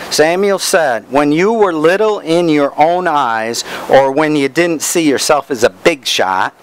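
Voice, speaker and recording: A man's voice: a little high, a little hiss or hum, poor audio. A man preaching a Bible study, reading verses aloud and stressing words as he explains them.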